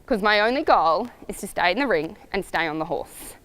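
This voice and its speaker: A middle-aged woman riding coach talking casually to camera, animated and storytelling with laughs. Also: medium pitch, brisk.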